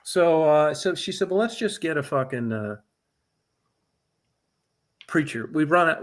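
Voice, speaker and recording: A middle-aged man telling a long personal story in casual talk, swearing often and speaking with animated energy. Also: mid-range voice.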